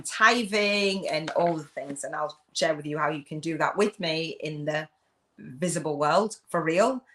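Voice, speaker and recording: Loud, gushing, and quick to laugh, a middle-aged UK woman of English background hosts a live video chat in her role as a spiritual business coach. Her voice is low.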